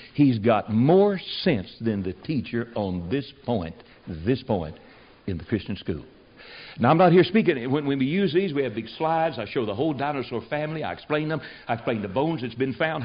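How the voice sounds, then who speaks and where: An older man, a preacher, telling stories as a guest on a talk show, in a folksy and emphatic way that repeats phrases for effect. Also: medium pitch. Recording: dull lo-fi recording.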